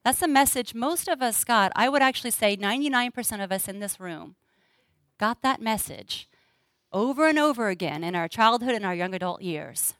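A woman's voice: a little high, animated, moderate pace, a bit bright, no room sound. Earnest middle-aged woman, dry close sound. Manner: earnest, personal, acts out dialogue. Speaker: speaker. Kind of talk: talk to a live audience.

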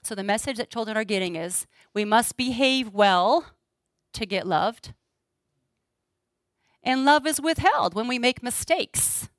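A woman's voice: fairly high pitch, animated, measured pace, pauses often, no echo. A middle-aged woman speaking earnestly to an audience, sharing personal stories and acting out dialogue. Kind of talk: talk to a live audience.

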